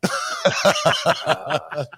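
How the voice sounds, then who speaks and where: A man hosting a podcast in casual chat, swearing a lot and acting out other people in loud outbursts. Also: a little high, extremely slow, husky, no echo. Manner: profane, animated, mimics people in loud outbursts. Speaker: podcast host.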